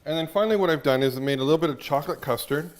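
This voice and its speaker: A man's voice: a little high, racing. A man hosting a cooking show from a cottage kitchen, chatting and explaining as he cooks. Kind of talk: casual cooking demo.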